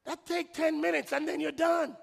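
High-voiced shouting preacher in a hall. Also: male voice, flat delivery, normal speed, creaky. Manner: preaching with shouted peaks and hushed drops; acts out the couple's voices. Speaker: pastor. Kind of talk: sermon. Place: church. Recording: long hall reverb.

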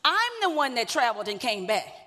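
A woman's voice: on the high side, very animated, a little fast, pushed and bright. A woman pastor, preaching a sermon in a conversational way, with joking asides to the congregation. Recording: long hall reverb.

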